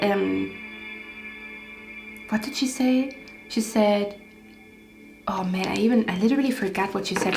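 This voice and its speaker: A woman's voice: medium pitch, darkish tone. Woman tarot reader, ranty and profane, echoey room with faint music under her. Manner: rambling, heated, swears often. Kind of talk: casual tarot reading.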